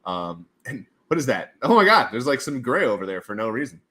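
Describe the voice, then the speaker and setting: A man hosting a casual livestream, thinking aloud as he works on screen and breaking into goofy shouted voices. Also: medium pitch, sing-song, fairly quick. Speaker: livestream host.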